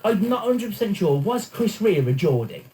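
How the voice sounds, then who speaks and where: A man presents an evening radio show in a loose, chatty way. His voice sits a little high but sounds mellow and soft-edged. He rambles, corrects himself and fills gaps with ums. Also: sing-song, normal speed, poor audio. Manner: chatty, rambling, with many fillers. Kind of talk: casual radio chat.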